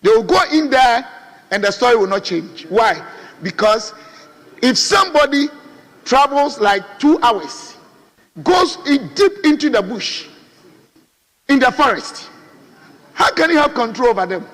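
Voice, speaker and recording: Ghanaian MP with a lively, high voice. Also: male voice, a little slow, long pauses. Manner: oratorical, appealing, rhetorical questions. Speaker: member of parliament. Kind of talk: parliamentary debate speech. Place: parliament chamber. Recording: reverberant parliament chamber.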